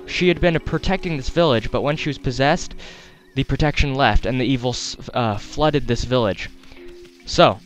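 Male let's play host, Wisconsin accent, mid-pitched, casual playful commentary on a headset mic with soft game music underneath. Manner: chatty, playful, self-correcting, talks to the game characters. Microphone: desktop headset mic. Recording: faint game music behind.

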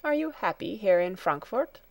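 A woman reading a storybook, voicing a kind, calm male doctor who speaks in a gentle, soothing way. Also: mid-range voice, normal speed, gravelly, no echo.

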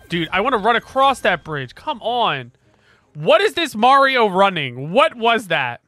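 A young man commenting on a video game as he plays, excitable and prone to loud, swearing outbursts. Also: high voice, moderate pace, long pauses, dry recording. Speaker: gaming streamer. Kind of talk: let's play commentary. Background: game music.

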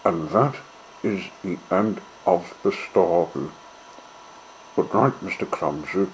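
A man reading a children's story aloud in a gentle, measured way. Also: sits low, a little hiss or hum, low-quality recording.

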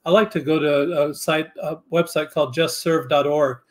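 A man speaks as a podcast guest with an earnest, halting delivery. His voice is on the high side for a man. He often stops and restarts his sentences as he works through his thoughts. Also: fairly even intonation. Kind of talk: casual interview chat.

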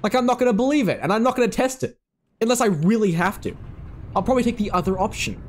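A man talking through his game run as a let's play host, in a fairly high voice that jumps around a lot. He is excitable and swears freely. He keeps chatting to the creatures on screen as if they could answer. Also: fast talker. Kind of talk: casual gaming commentary.

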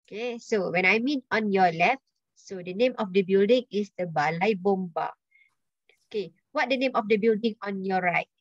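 A Malaysian-accented woman teaches an online language class, testing her students while dropping "lah" and Malay words into her English. She speaks at a moderate pace in a mid-range voice, captured as a dry, dull lo-fi recording without any room sound.

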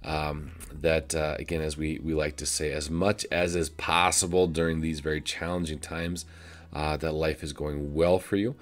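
Male pastor, low voice, casual devotional talk full of fillers. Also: flat delivery, normal speed. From United States. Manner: folksy, many filler "uh"s, chuckles at own jokes. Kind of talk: short video devotion.

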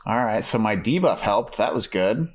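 A man giving casual live commentary while playing a game, chatty and quick to laugh as he talks to his chat. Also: on the low side, expressive, soft background music. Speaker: let's play streamer.

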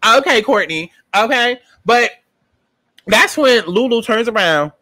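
A man recaps a TV episode in a high, bright voice that swoops up and down with dramatic, sassy energy. He swears freely and acts out his own reactions in a dry, close sound. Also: lively intonation, a little slow, no echo. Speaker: TV episode reviewer. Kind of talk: casual profane recap and review.

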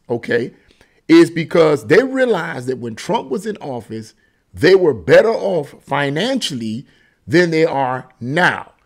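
A man's voice: on the high side, vocal fry. A man hosting a political commentary channel, talking casually and emphatically about a news article and often repeating himself.

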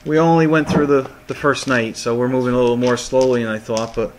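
A man's voice: mid-range voice, fairly even intonation, fairly quick, a little hiss or hum. A man narrating as game master of a tabletop game, often repeating words as he goes.

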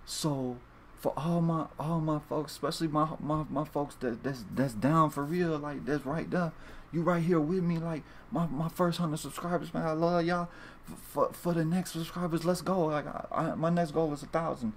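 A man's voice: on the high side, steady tone, normal speed. Guy, rambling and cussing to his viewers, stumbles and restarts a lot, faint hiss behind him. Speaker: fantasy sports video host. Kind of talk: casual monologue to viewers.

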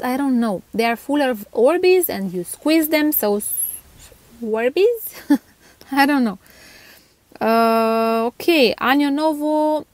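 Giggly high-voiced woman with Romanian accent. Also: no room sound. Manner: chatty, giggly, stumbling over names. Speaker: toy channel host. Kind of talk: casual chat reading viewer comments.

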